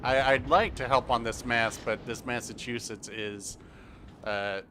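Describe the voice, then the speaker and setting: A relaxed man talks his way through a live game stream, tossing out jokes and chuckling between his remarks. His voice sits at an ordinary middle pitch. A faint hiss runs underneath. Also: measured pace. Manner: chatty, laughs often, jokey asides. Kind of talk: live gameplay commentary.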